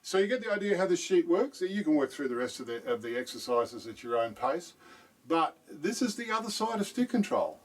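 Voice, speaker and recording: A man's voice: on the high side, big pitch swings, a little fast, recorded from a distance, a little hiss or hum. A man teaching drum technique in a patient video lesson, often checking in with "right?".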